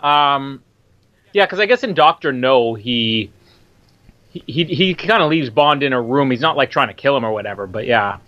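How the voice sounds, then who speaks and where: A man's voice: mid-range voice, expressive, no echo, highs cut off. An Australian man co-hosting a film commentary podcast, playful and casual, fond of quoting lines. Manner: playful, quick to quote lines and laugh. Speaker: podcast co-host.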